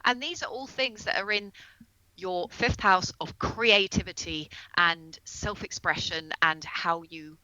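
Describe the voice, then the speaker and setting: Bright-voiced woman explaining astrology. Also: fairly low pitch, dry recording, dull audio. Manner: explains earnestly, slows down on key terms. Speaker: astrologer guest on a comedy podcast. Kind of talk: casual podcast conversation.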